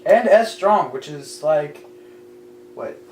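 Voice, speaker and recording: Young male podcast regular, lively up-and-down voice, wry teasing, echoey room with faint hum. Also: on the high side, slow, far from the mic. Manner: teasing, wry, drops to mutters. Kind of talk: casual chat among friends.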